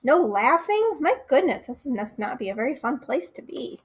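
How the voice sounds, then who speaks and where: A woman's voice: sits high, moderate pace. A young woman, a children's librarian, reading a picture book aloud at storytime, talking right to the kids and asking them questions. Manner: expressive, talks straight to the kids, asks them questions.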